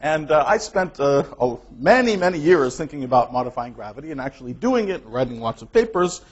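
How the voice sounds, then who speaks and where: A man gives an academic colloquium in a lecture hall, speaking with lots of energy and emphasis. His voice sits fairly high. The recording is dull and lo-fi. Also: brisk, husky. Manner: energetic, emphatic, laughing at his own remarks. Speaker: guest lecturer. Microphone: clip-on microphone.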